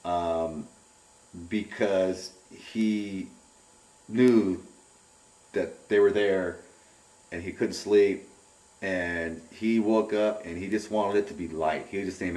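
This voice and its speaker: A middle-aged man giving a rambling, animated personal account in an interview, often repeating his words. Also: deep voice, takes it slowly, long pauses. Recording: roomy and distant from the mic.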